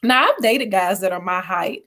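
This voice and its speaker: A woman's voice: mid-range voice, moderate pace, fairly bright tone. A woman co-hosting a talk show, asking questions and chatting with laughter. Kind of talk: casual talk show chat.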